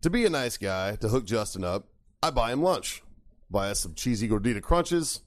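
A man's voice: fairly low pitch, lively intonation, normal speed, no echo, studio quality. A man in his thirties hosting a podcast, telling a rambling story in casual chat, swearing constantly and laughing at himself. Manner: rambling, laughs at own stories. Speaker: podcast host.

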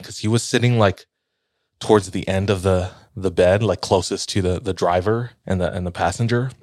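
A man with a very deep, low voice tells a spooky tale in a relaxed, rambling way, full of fillers and restarts. At tense moments he sinks to a near hush. The sound is close and dry, with no room echo. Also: moderate pace. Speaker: storyteller in a podcast-style chat. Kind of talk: casual retelling of a ghost story.

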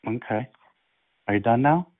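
Mocking prank caller on a phone line. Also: male voice, mid-range voice, normal speed. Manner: calm, mocking, playing innocent.

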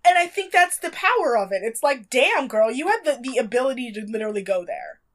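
A chatty woman co-hosting a casual recap show. She sounds wry and unhurried, and leans on words for emphasis. Her voice sits a little high. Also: animated. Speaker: podcast co-host recapping a reality show. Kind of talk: casual chat.

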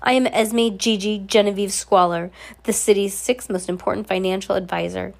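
A woman's voice: mid-range voice, fairly even intonation, normal speed, vocal fry, natural voice. Woman voicing a haughty bossy rich lady. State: has a cold, scratchy throat.

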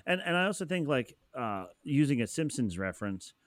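A man's voice: mid-range voice, big pitch swings, brisk, no echo. A man in casual chat, talking loosely with many fillers. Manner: loose, filler-heavy, laughs easily.

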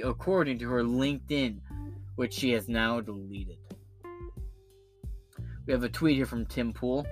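A man hosting a casual political commentary show, ranting in a profane, animated way with many restarts. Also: mid-range voice.

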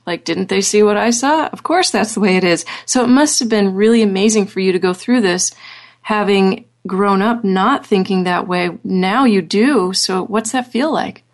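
A woman hosting a radio talk show, enthusiastic and effusive with her guest. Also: mid-range voice. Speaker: host.

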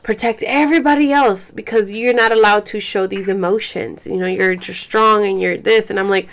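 Young woman, casual vlog talk, candid, swears, lots of fillers, middle pitch. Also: fairly even intonation, normal speed. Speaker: vlogger. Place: home, caring for a baby.

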